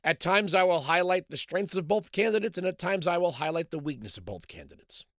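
A man hosts a call-in talk radio show, rambling through his points with fillers and restarts. His voice sits a bit high and sounds dry and close on a studio microphone. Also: expressive, brisk, a bit bright, no room sound. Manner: talkative, frequent restarts and fillers.

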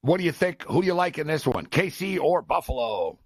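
A man's voice: fairly high pitch, fairly quick, slightly rough, no room sound. Guy hosting a sports show, chatty and jokey, dry sound. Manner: joking storyteller, lively banter. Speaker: sports talk host. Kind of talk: casual sports chat.

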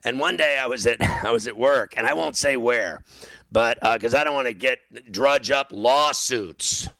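Radio guy rambling thru a story, gravelly voice, kinda bright and sharp, dry close mic. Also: mid-range voice, moderate pace, no room sound, poor audio. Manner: rambling, stammering restarts, loud when acting out his own yelling. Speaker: radio show host. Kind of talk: casual storytelling on sports radio.

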